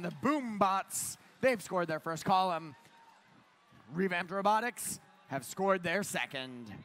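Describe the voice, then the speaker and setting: A man giving live play-by-play commentary on a robotics competition, getting louder and higher at the big moments. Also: slight background noise. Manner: excited play-by-play, climbs in pitch at big moments. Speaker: match commentator.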